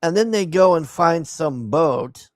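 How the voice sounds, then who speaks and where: A man's voice: fairly high pitch, animated, unhurried, darkish tone, no room sound, studio quality. A man giving a profane, exasperated recap of a movie he hated, scornful of its plot. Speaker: movie reviewer. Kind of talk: casual ranting movie recap.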